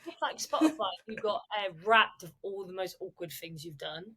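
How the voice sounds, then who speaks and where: A woman's voice: mid-range voice, animated, normal speed, sharp tone, slightly rough. A young woman, co-hosting a podcast in casual chat and acting out the voices in her stories. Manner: chatty storyteller, acts out quotes. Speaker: podcast co-host.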